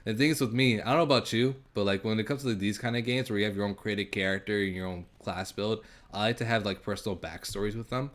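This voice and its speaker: Deep-voiced man, relaxed podcast host, chatty storyteller. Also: fast talker, hardly any pauses. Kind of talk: casual chat about video games.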